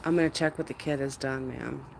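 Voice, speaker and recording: This livestream host is a woman whose extremely low voice is gravelly and a little mellow, delivered in a steady tone and a little fast. With slight background noise, she chats casually with viewers, greeting them by name, laughing a lot, and imitating others as she quotes them.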